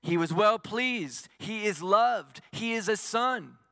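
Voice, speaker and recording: A man's voice: high voice, lively intonation, slow, a bit bright, no echo, clean studio sound, long reverb tail. A male pastor preaching a sermon, asking the congregation questions and answering them himself.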